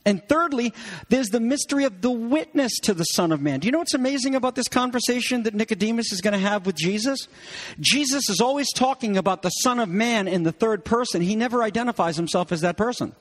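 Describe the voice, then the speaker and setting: A pastor with a very high-pitched voice talks fast and animatedly as he preaches, explaining scripture in an expository style. He rises emphatically on key phrases and quoted lines.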